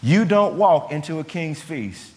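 Animated preacher retelling scripture in slang. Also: male voice, a little high, a little slow. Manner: animated, colloquial storytelling with slang. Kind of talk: sermon. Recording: long hall reverb.

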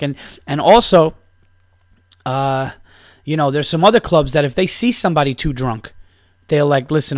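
A man's voice: fairly high pitch, no room sound, studio quality. A man hosting a podcast, telling a rambling, profane story in a casual monologue full of restarts. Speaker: podcast host and stand-up comedian.

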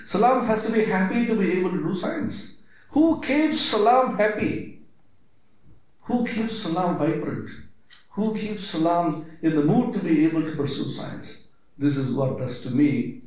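A man giving a spiritual discourse, asking rhetorical questions and stressing his points. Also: measured pace. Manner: emphatic, rhetorical questions, lively swings in pitch. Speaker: spiritual teacher. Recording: very echoey hall.

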